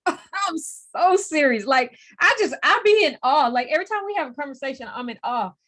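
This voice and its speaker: A woman's voice: sits high, lively intonation, moderate pace, fairly bright tone. A woman hosting a podcast in a casual chat, often chiming in with agreement. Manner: affirming, chimes in with frequent agreement. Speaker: podcast host.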